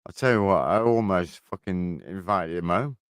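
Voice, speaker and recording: A man's voice: low voice, normal speed, clear, resonant tone, dry recording. A man, chatting casually on a livestream from his shed, telling rambling stories full of swearing. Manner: rambling storytelling, heavy swearing. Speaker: livestream host. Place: garden shed.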